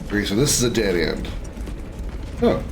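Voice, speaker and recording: A man's voice: on the low side, sing-song, moderate pace, noisy background. Offhand man streaming a game. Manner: rambling, offhand, swears. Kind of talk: casual gaming commentary.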